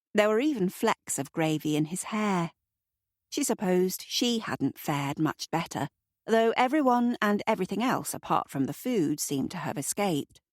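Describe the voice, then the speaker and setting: A woman narrating an audiobook in a steady, even storytelling manner, close to the mic. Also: lowish voice, no room sound. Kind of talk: scripted narration.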